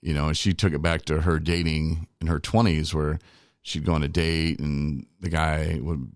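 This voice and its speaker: A man's voice: rumbling low, fairly even intonation, normal speed, no room sound, clean studio sound. A middle-aged man hosting a recovery podcast, telling his own story in a candid, rambling, self-deprecating way. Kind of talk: casual personal storytelling.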